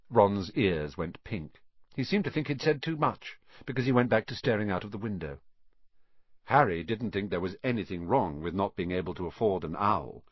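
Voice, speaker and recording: A man narrating a storybook audiobook with an expressive, animated reading. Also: lowish voice, moderate pace, breathy edge, no echo, highs cut off.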